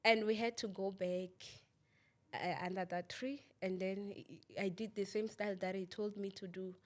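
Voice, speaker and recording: Young woman, interview guest, halting, repeats words, many fillers, asks "you understand?". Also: medium pitch, fairly even intonation. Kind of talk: emotional personal testimony.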